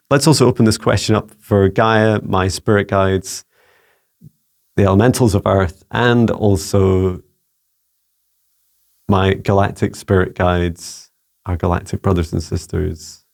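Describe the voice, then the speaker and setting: A Scottish man relaying psychic messages to viewers in a casual solo talk, halting and searching for words as he goes. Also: lowish voice, steady tone, gravelly. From Scotland. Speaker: psychic mentor answering viewer questions. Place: home with a laptop.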